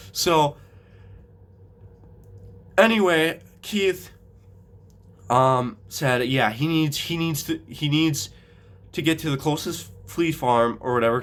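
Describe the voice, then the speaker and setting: A young man telling a funny story in a loose, rambling way. He swears a lot, trips over his words and starts his sentences over, with fillers between the thoughts. His voice sits at an ordinary middle pitch. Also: a bit bright. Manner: rambling, swears often, frequent restarts and fillers. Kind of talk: casual anecdote.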